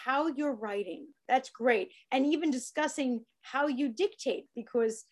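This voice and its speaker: A woman's voice: high voice, a little slow. A woman with a New York accent hosting an interview, chatty and encouraging with her guest. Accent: American. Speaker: interview host. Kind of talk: casual interview chat.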